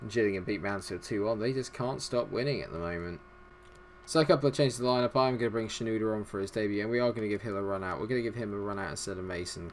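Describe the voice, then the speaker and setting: A man giving live commentary over his own football video game, calm and chatty between chances and shouting when his side scores. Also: lowish voice, slight background noise. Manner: excitable football-style commentary, shouts at goals. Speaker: gaming YouTuber.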